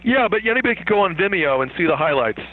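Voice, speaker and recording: A man being interviewed as a guest, talking in a rambling, animated way and laughing now and then. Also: sits high, fast. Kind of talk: interview over the phone. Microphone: phone. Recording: tinny phone line.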